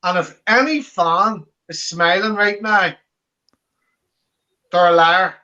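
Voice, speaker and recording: Heated, bright-voiced man, lo-fi sound. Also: sits high, slow pace. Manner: heated, repeats himself for emphasis. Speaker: co-host of a fan channel. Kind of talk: post-match fan podcast.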